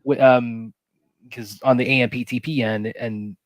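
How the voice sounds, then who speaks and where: A man co-hosting a live stream remotely, talking in halting bursts and repeating words as he thinks. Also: medium pitch, steady tone, no room sound. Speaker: co-host. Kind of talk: casual live-stream chat.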